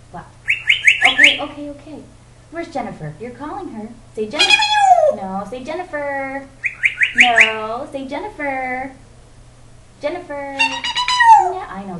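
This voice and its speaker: A woman with a fairly high, lively voice coaxes her pet bird in sing-song baby talk, slow and drawn out. She is heard from a distance in an echoey room on a home camera. Loud noise sits under her voice. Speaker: pet owner. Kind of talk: home video talking to a pet parrot.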